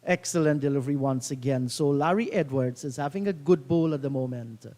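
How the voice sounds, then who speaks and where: A man's voice: mid-range voice, brisk, warm tone, big-room sound. A man doing live cricket commentary, telling leisurely reminiscing anecdotes between deliveries.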